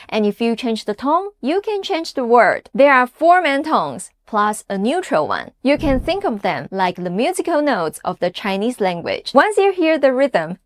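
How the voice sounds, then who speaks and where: Woman, unhurried, high bright voice, dry close recording, encouraging teacher. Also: no room sound. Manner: upbeat and encouraging, models words slowly and clearly. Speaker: language teacher. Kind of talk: scripted lesson narration.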